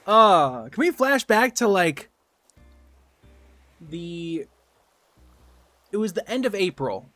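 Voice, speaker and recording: A man's voice: high-pitched, sing-song, slow, long pauses, pushed and bright, dry recording, soft background music. A man chatting casually on a gaming livestream, rambling, joking and swearing. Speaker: streamer.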